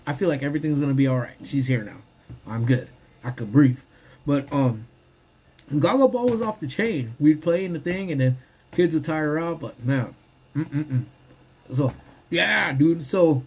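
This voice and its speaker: A man casually chatting on a live stream from his parked car during lunch, slangy and relaxed, greeting viewers as he eats. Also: fairly high pitch, moderate pace, breathy edge. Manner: laid-back, slangy, greets viewers by name. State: talking while eating.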